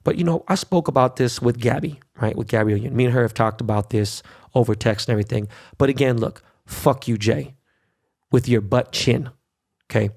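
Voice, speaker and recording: Brash middle-aged male podcast host, gravelly, foul-mouthed solo rant. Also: mid-range voice, fairly quick, a little mellow. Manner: brash, profane, ranting.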